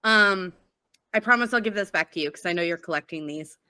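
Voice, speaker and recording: A woman's voice: lowish voice, fairly quick, sharp tone, clean tone. A woman playing in a tabletop game, giggly and playfully teasing. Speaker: player. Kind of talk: casual chat in a tabletop game.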